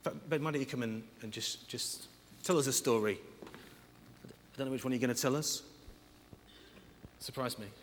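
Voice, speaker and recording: A man's voice: mid-range voice, normal speed, pauses often, long reverb tail, a little hiss or hum. A man preaching a sermon, stressing each numbered point. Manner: emphatic, counting points aloud.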